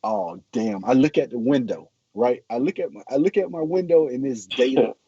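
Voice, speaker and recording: A man's voice: medium pitch, expressive, fairly quick, dark tone, husky. A man, a former pro football player, telling a story animatedly on a video call, acting out quotes with many restarts. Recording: muffled call audio.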